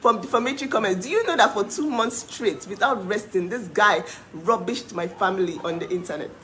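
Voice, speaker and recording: A woman's voice: medium pitch, lively intonation, brisk, a bit bright, slight background noise, poor audio. A woman in her thirties giving an angry, sarcastic rant, often laughing bitterly. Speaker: livestreamer speaking out for her sister. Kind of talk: emotional direct-to-camera rant.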